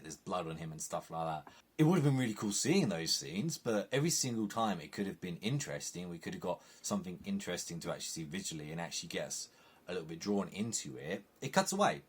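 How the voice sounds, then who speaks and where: Low, husky-voiced Englishman ranting. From England. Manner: exasperated and animated, with many "like" fillers. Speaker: TV reviewer. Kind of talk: opinionated review monologue.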